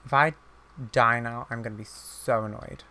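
Bright-voiced flustered gaming commentator. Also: male voice, mid-range voice, steady tone, normal speed. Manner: chatty, flustered, exclaims repeatedly at the game. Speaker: gaming YouTuber. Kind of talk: casual let's-play commentary.

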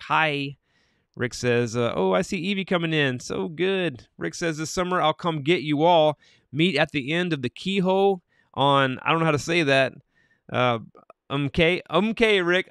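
A man hosting a Christian morning livestream, reading viewer comments aloud and answering each viewer by name, growing soft-spoken on sad news. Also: mid-range voice, clean tone, no echo, studio quality.

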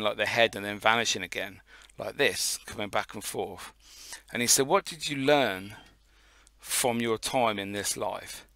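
A man on a casual podcast tells a rambling story and swears freely along the way. His voice is bright and sharp, and it sounds close and dry, with no room echo. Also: mid-range voice, clear, resonant tone. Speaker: podcast co-host.

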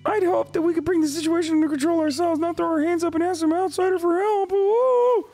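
A man doing a squeaky, exaggerated falsetto voice for an earnest fantasy clan warden while reading game dialogue aloud. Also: a little fast, gravelly, dark tone, soft background music. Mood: urgent.

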